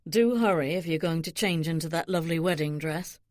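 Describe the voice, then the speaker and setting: A woman reading an audiobook, voicing a young nobleman who speaks in a low, flat, controlled way. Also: a little fast, no echo, studio quality, lightly acted. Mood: stern. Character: young nobleman, protective, wolfish temper.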